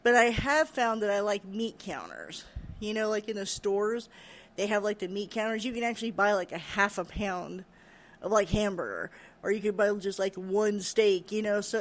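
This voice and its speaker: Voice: mid-range voice, normal speed. A middle-aged vlogger ranting casually to camera, rambling and chatty, often breaking into laughter.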